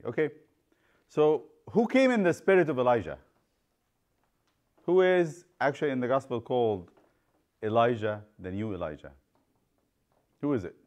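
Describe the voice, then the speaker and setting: Guy teaching kids bible class, asks lots of questions, acts out the stories, normal pitch.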